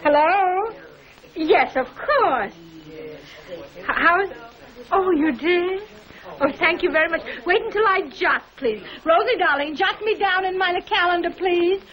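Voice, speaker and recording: A bustling high-voiced New mother. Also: sing-song, measured pace, a bit bright, full character voice, rough recording. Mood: busy. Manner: chatty, fussing, quaint mixed-up phrasing. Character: bustling motherly middle-aged housewife, warm and busybody. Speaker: housewife and mother. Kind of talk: 1950s TV sitcom acting.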